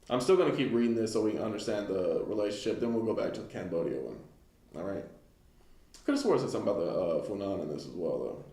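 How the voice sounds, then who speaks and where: A man's voice: on the low side, a little mellow. A man giving an informal Bible study lesson, reading a text aloud and commenting loosely with many fillers. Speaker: Bible teacher. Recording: echoey room.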